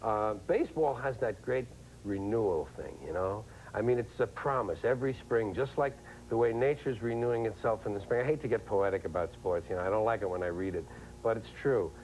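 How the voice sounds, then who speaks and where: A middle-aged man, a comedian guest who chats wryly and lively, slipping into impressions. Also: fairly low pitch, a little fast, a little hiss or hum, low-quality recording. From New York. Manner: wry, animated, slips into impressions. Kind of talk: casual chat.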